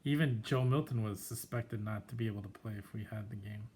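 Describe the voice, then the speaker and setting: A man's voice: fairly low pitch, a little fast, a little mellow. A man co-hosting a casual sports podcast, giving dry, brief replies. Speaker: podcast co-host.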